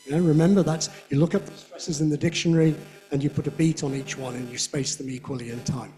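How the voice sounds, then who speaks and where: A man giving a conference lecture on pronunciation, often checking in with a quick "yeah?" and demonstrating rhythm by chanting syllables on a beat. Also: fairly high pitch, darkish tone. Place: lecture hall.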